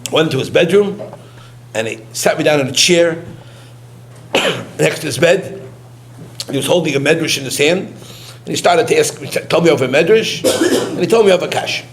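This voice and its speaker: A man giving a eulogy through personal stories, halting and repeating words, with Yiddish and Hebrew terms mixed into his English. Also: on the high side, lively intonation. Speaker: eulogist, former student. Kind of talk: eulogy told as personal anecdotes.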